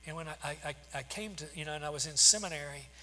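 Delivering a sermon full of stories, this sixties-aged pastor speaks very fast in a bright, pushed voice that sits on the high side. His speech is marked by frequent restarts and fillers, captured with long hall reverb and a faint hum.

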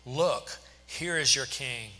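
A man's voice: medium pitch, lively intonation, slow, pushed and bright. A man voicing the Roman governor Pilate, an exasperated and insistent adult man who pushes with raised, pressing questions. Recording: long hall reverb.

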